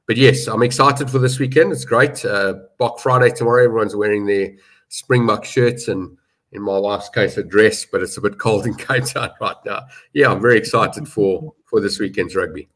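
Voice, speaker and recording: A man's voice: on the low side, normal speed, a bit bright. A middle-aged man from South Africa, a rugby betting pundit talking in a casual discussion, emphatic and fond of telling stories and repeating himself for stress.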